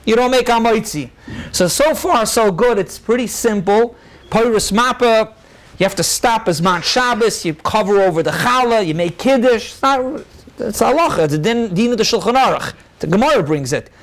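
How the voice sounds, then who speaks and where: A male rabbi giving a halachic lecture to a live audience. He explains briskly, quotes sources, answers questions and mixes many Hebrew and Yiddish terms into his English. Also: high voice, expressive. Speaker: rabbi teaching a class.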